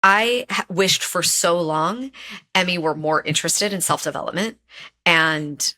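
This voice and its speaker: Bright-voiced woman, earnest storyteller. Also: fairly low pitch, a little slow. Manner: earnest, storytelling, repeats phrases for emphasis. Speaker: podcast guest, relationship expert. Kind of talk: casual interview chat.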